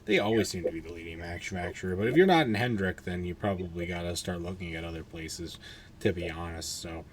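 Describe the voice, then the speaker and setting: A rather low-voiced man hosts a casual podcast into a microphone. He sounds tired, with occasional yawns, and rambles loosely, swearing offhandedly and restarting his sentences as he goes. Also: fast, slight background noise. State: tired, yawning. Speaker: podcast host.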